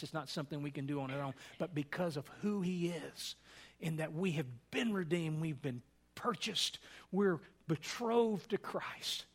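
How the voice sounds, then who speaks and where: A man preaching a sermon as a pastor, earnest and at times hushed. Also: medium pitch, slightly rough. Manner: earnest, dropping to a hushed, soft tone in prayer.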